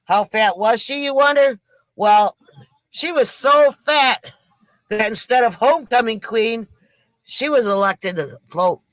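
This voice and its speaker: A middle-aged woman, hosting a live stream from home and telling corny jokes slowly, laughing and sighing often, a bit tipsy from drinks. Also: on the high side, lively intonation, no echo. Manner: slow, corny jokes with frequent laughs and sighs. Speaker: live stream comedy host. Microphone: computer mic for a live stream.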